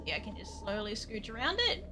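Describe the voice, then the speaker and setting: A woman's voice: medium pitch, very animated, brisk, pushed and bright, slight background noise. A woman streaming a video game, muttering to herself, swearing freely and humming little nonsense tunes while she plays. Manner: hums and sings nonsense sounds while playing. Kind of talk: live gameplay commentary.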